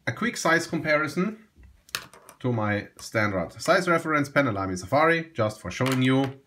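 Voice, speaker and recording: A man's voice: mid-range voice, moderate pace, slight background noise. Man casually reviewing a fountain pen. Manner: relaxed, enthusiastic, repeats himself and restarts phrases.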